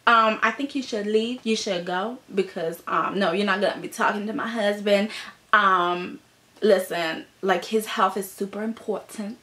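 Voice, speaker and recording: A woman voicing a protective wife who firmly sends a visitor away, in a hushed, firm tone. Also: mid-range voice, normal speed, voice pushed down, close to an everyday voice.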